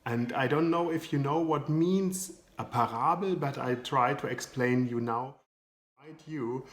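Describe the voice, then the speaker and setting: Slow man with a German accent. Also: mid-range voice. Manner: hesitant, many filler sounds, non-native phrasing. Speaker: coach. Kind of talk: educational video talk. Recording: echoey room.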